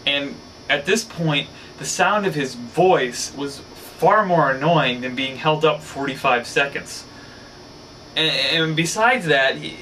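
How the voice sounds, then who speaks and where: Male host telling a casual rambling story; crisp bright tone, mic a bit distant. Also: a little high, a little hiss or hum. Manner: rambling, filler-heavy storytelling. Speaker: show host. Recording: slightly distant mic, faint ambience.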